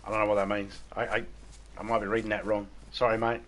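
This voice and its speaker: A man's voice: fairly low pitch, little pitch movement, fast, a bit bright. A laid-back Australian man chatting casually on a live game stream, swearing freely and often repeating himself. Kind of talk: casual live-stream chat while gaming.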